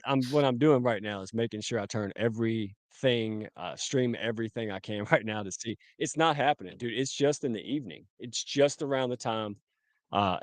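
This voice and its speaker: A man in casual livestream chat who keeps calling people dude and laughs through his stories. His voice sits at a middle pitch and comes across dry and close, with no room around it, through a call mic. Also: no room sound. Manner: loose, laughing, says dude and man a lot. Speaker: livestream co-host.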